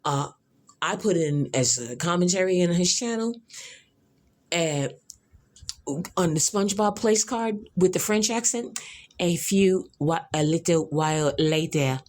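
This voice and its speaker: A woman's voice: fairly low pitch, measured pace, long pauses, darkish tone. A woman hosting a podcast, giving rambling reaction commentary, exclamatory and profane, repeating herself. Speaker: podcast host reacting to a video.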